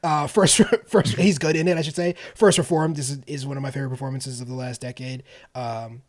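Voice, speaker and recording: A young man co-hosting a casual film and TV podcast, animated and quick to laugh, with frequent restarts. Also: mid-range voice. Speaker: podcast co-host. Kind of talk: casual chat.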